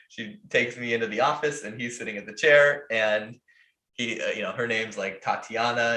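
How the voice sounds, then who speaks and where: A man's voice: mid-range voice, normal speed, pushed and bright. An American man telling a long story on a podcast in a casual, profane way, rambling with lots of fillers. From United States. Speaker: podcast host. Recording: roomy echo.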